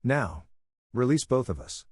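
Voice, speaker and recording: A man's voice: lowish voice, normal speed, a little mellow, dry recording, lightly acted. A man voicing a determined teenage boy hero with spider powers, calling out commands in an audiobook. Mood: urgent. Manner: urgent commanding calls.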